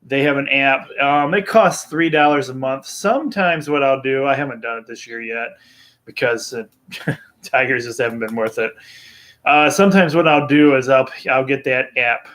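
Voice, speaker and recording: A man hosting a live-streamed baseball picks show, talking in a relaxed way with lots of ums and chuckles. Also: mid-range voice, normal speed. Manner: relaxed, filler-heavy, chuckling. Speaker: host.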